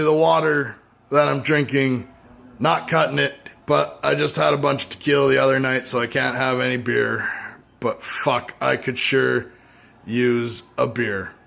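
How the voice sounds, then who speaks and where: A man's voice: mid-range voice, fairly even intonation, normal speed, vocal fry, fairly bright tone. A Canadian man rambling sarcastically and swearing freely in a casual vlog, recorded on a phone. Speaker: vlogger. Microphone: phone camera.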